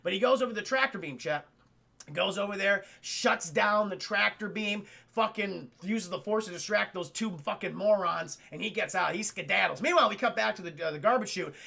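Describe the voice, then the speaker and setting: High, gravelly, bright-voiced man recapping. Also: moderate pace. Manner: animated, profane, jokey. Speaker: streamer. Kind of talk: casual movie recap to a live chat.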